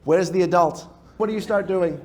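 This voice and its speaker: A man with a fairly high voice leads a lively workshop talk. He tells stories full of sound effects and keeps tossing questions out to the audience. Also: moderate pace. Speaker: speaker and trainer.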